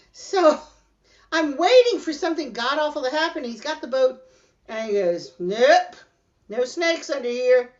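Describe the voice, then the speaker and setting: A woman tells a story as a podcast host, lively and chatty. She acts out what people said in shifting voices. Her voice sits a little high, and the recording sounds muffled and lo-fi. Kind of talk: casual storytelling chat. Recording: dull lo-fi sound.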